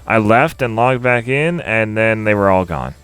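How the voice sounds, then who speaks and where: A man's voice: lowish voice, lively intonation, moderate pace, fairly bright tone, clean tone, dry recording, faint music behind. A man hosting a casual podcast chat about video games, rambling a little and laughing often. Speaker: podcast host.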